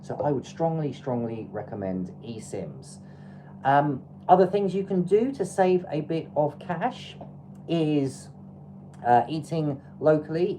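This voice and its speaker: A woman's voice: rumbling low, warm tone, a little hiss or hum, rough recording. A woman from England with an English accent, hosting a travel livestream in a loose, chatty, advice-giving way with plenty of fillers. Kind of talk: casual livestream chat.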